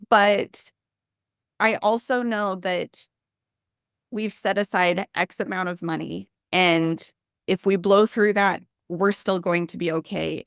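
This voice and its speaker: A woman's voice: fairly low pitch, a bit bright, dry recording, clean studio sound. A woman guest on a podcast interview, speaking earnestly and thoughtfully in a casual way. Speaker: guest, hairstylist and trading student. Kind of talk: conversational interview.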